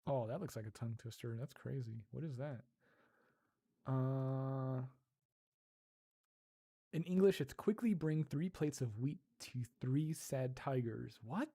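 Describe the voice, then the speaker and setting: Laid-back male streamer, slow and mellow, giggly, repeats foreign words carefully. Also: medium pitch, creaky, husky. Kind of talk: casual livestream chat.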